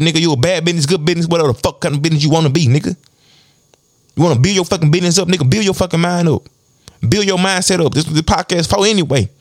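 A man's voice: fairly high pitch, no echo, studio quality. A man hosting a podcast, giving a blunt, profanity-heavy motivational monologue. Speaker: podcast host.

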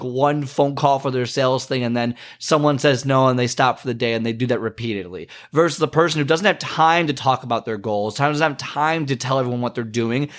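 A man giving a casual motivational rant, rambling and acting out the friends he quotes. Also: mid-range voice. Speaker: motivational speaker.

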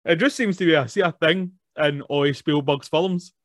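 A man's voice: a little high, moderate pace, no echo, studio quality. Laughing man talking films. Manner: laughs often, chatty. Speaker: podcast co-host. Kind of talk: casual film chat.

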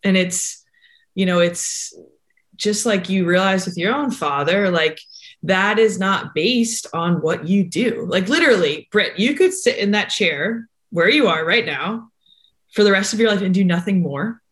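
A woman's voice: mid-range voice, a little slow. A woman hosting a casual conversation, responding with encouraging, faith-centred reflection. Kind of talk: casual chat.

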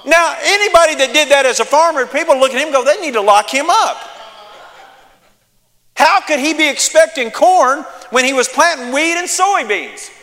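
Man, pastor, sermon, emphatic call-and-response, high bright voice. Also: animated, fairly quick, few pauses, long reverb tail.

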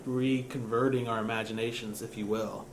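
A man's voice: medium pitch, flat delivery, moderate pace. Young male pastor, casual self-deprecating sermon storyteller, mid-range voice, faint noise behind. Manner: casual and self-mocking, laughing at himself.

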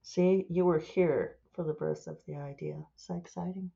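A woman's voice: sits low, moderate pace, vocal fry, dark tone, muffled recording. A woman author chatting casually and rambling, amused at her own asides as she thinks aloud. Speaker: author and podcast host. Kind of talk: casual solo chat.

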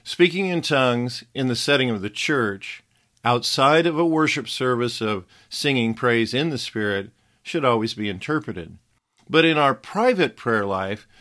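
A man reads a devotional Bible teaching in a steady, earnest way. His voice sits at an ordinary middle pitch, and he quotes scripture in a measured tone.

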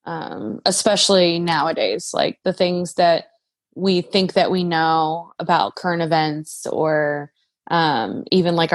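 Relaxed female guest, lower voice, dry close recording, laughs easily. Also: no echo. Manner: friendly, giggly, relaxed. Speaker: filmmaker guest. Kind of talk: casual interview chat.

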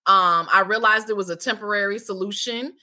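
Woman, forties, bright clear tone, animated storytelling, interview guest. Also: fairly quick. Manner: animated, acts out past dialogue with big pitch jumps. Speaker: interview guest, healing center founder. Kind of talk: candid personal storytelling.

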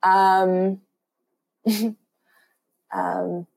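A woman chatting as a guest on a podcast, in a middle-pitched voice. She hesitates and restarts a lot and laughs easily. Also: level tone, drawn-out words, gravelly, darkish tone. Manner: hesitant, many fillers, giggly. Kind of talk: casual chat.

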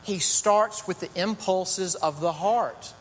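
A man's voice: high voice, takes it slowly. Chatty preaching man in a reverberant hall. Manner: conversational storytelling, chatty asides. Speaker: pastor. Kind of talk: sermon. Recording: long reverb, faint hum.

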